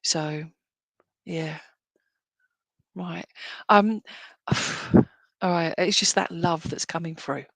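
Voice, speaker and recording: A woman's voice: lowish voice, steady tone, drawn-out words, creaky, long pauses, no room sound. A woman acting as a medium at a live-streamed church service, talking in an affectionate, reassuring way and often checking "all right?" with her listeners. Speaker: medium giving spirit readings.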